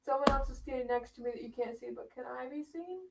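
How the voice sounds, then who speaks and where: A woman with a high voice chimes in with playful, brief remarks during a casual livestream. She sits away from the microphone, so she sounds distant. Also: fast, vocal fry. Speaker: co-host, host's partner. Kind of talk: casual chat. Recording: voice distant from the mic.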